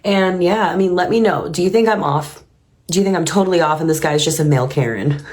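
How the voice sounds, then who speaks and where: Earnest low-voiced woman reaction host. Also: quick pace, a little mellow. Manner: earnest, reflective musing. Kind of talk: reaction commentary.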